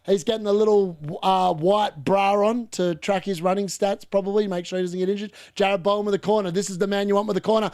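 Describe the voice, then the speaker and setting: An excitable man giving live football commentary and reaction, shouting at missed chances and mocking the players. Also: high voice, quick pace, few pauses, clear, resonant tone. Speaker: watchalong streamer.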